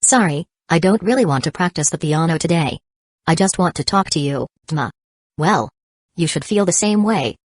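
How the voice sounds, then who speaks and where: A woman voicing a calm, confident teenage boy in a storybook reading, with a smooth, even delivery. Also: deep voice, normal speed, no echo. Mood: calm teasing.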